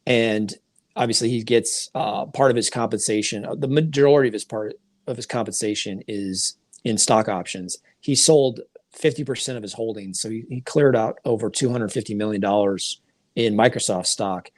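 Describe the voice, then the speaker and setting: A man's voice: on the low side, moderate pace, no echo. A man co-hosting a podcast, explaining markets in casual talk, often restarting his sentences. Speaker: podcast co-host.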